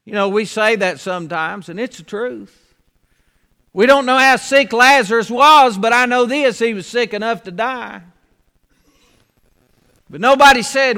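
A man preaching a sermon in an earnest way, repeating key phrases with slow, weighty pauses. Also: very high voice, pushed and bright, clean tone, big-room sound.

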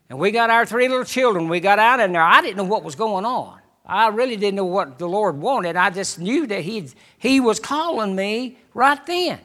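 A middle-aged man, a missionary preacher, giving a folksy personal testimony to a congregation with halting restarts. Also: high voice, expressive, sharp tone.

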